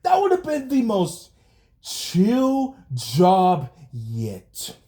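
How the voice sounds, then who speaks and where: A young man rants into the camera, yelling and cursing as he vents his frustration. His voice sits high for a man and lurches up and down in pitch with every outburst. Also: wildly swooping pitch, extremely slow. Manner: yelling and swearing, venting frustration. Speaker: vlogger. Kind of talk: angry rant vlog.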